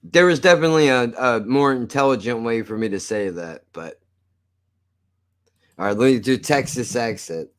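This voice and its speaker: A man's voice: mid-range voice, normal speed. Joking, foul-mouthed male streamer. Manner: profane, joking, laughs often. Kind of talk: casual live-stream chat.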